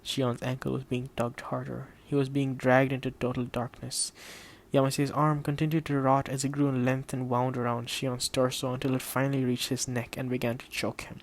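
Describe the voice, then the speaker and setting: A man reading an audiobook in a steady, measured way, voicing the dialogue quietly. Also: mid-range voice. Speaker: audiobook narrator. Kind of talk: scripted audiobook narration.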